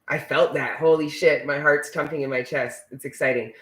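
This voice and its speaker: Tarot reader, male, fairly high voice, intense and preachy, curses casually, roomy echo. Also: fairly even intonation, normal speed, a bit bright. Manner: emphatic, preachy, swears freely. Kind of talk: casual spiritual reading for viewers.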